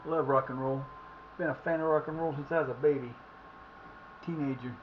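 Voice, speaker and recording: A middle-aged man streaming live and chatting casually as he plays, excitable and profane, often yelling at the action. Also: mid-range voice, fairly quick, muffled recording, a little hiss or hum. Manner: excitable, profane, shouts at the play. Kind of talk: casual live commentary while playing.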